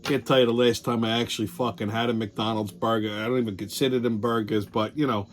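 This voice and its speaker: A man hosting a show, telling stories in a profane, animated way and laughing as he goes. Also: mid-range voice, quick pace. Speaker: host. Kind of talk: casual monologue with storytelling.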